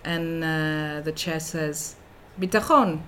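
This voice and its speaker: A middle-aged woman delivers an academic lecture in a somewhat low voice, thinking aloud with many fillers and restarts. A faint noise sits behind her voice. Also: moderate pace. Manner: thoughtful, with frequent fillers and restarts. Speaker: researcher giving a talk.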